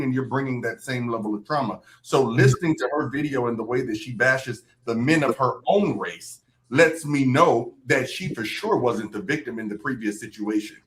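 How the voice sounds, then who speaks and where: Male panelist, mid-pitched, thoughtful, builds his case with examples. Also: poor audio. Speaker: panelist, called Doc. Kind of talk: panel discussion on a live stream.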